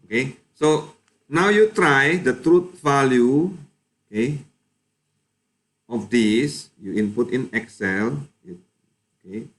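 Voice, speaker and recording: Slow patient male lecturer. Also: mid-range voice, lively intonation, fairly bright tone. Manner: slow, patient, checks students' answers. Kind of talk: live online lecture.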